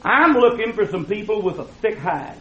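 High, lively, loud-and-soft older preacher man. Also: normal speed. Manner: loud, folksy, swings from shouting to low asides. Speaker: pastor. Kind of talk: fiery sermon. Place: church sanctuary with congregation. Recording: muffled, echoey church recording with crowd.

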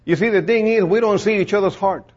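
A man's voice: high-pitched, quick pace, a little mellow. A man preaching an informal sermon in a plain-spoken, folksy way, rambling with many fillers and restarts. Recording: dull lo-fi recording.

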